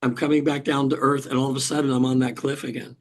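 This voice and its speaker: The older man, a hypnotherapist being interviewed, uses a mid-range voice and a level tone to tell a personal story. Frequent restarts and throat clearing make his speech halting.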